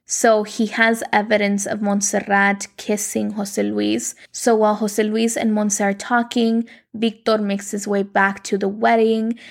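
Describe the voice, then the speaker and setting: A woman hosts a casual podcast and retells a telenovela with chatty enthusiasm. Her voice sits at an ordinary pitch with a noticeable creaky fry running through it. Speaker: podcast host.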